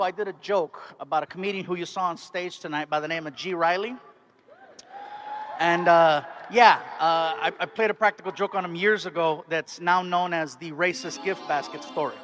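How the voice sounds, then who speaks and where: A man doing a stand-up comedy set, telling animated stories and switching into put-on voices. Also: fairly high pitch.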